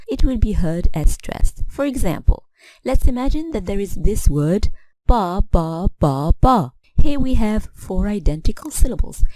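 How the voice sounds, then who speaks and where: A woman from Algeria gives a scripted English pronunciation lesson, pronouncing each example word slowly and with deliberate stress. Her voice is mellow and warm rather than bright. The recording is dry and close, with no room sound. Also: mid-range voice, no room sound. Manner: slow, carefully stressed model words and syllables. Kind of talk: scripted teaching narration.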